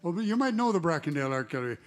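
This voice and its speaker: A singer-songwriter chatting and rambling between songs at a live concert, telling stories with trailing asides. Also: male voice, on the high side, very animated, racing. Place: live arts venue stage. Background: guitar.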